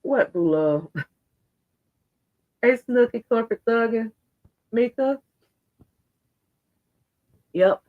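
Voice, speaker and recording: Hoarse, blunt woman commentator, lo-fi sound. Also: on the high side, expressive, takes it slowly, long pauses. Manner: blunt, fired-up, talks straight to viewers. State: hoarse and congested. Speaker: social media commentator. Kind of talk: casual opinion commentary.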